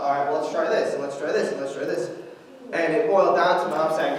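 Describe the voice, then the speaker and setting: Young man, halting, in an echoey church. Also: fairly high pitch. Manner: halting, with fillers and restarts. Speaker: guest speaker sharing his story. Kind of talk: informal testimony in a church service. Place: large church sanctuary. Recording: echoey hall, distant mic, faint noise.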